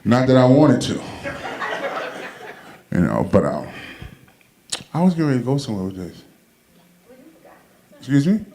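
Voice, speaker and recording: Rambling New comic, roomy venue. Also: male voice, medium pitch, sing-song, normal speed, long pauses, dark tone, slight background noise. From Brooklyn, New York. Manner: loose, rambling, laughing at his own jokes. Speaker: stand-up comedian. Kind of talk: stand-up comedy routine. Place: comedy event venue.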